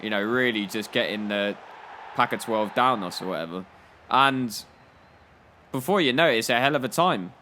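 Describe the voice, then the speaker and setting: A man's voice: medium pitch, a bit bright. A young man telling playful, joking stories while commenting on a football video game. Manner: playful storytelling, laughing at his own jokes. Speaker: gaming YouTuber.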